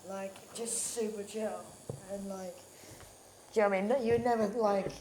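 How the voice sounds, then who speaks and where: Laughing, swearing man with a mellow voice. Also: high-pitched, steady tone, normal speed, slight background noise, poor audio. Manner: chatty storyteller, swears freely, laughs often. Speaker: actor guest. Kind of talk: casual chat. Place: tattoo studio.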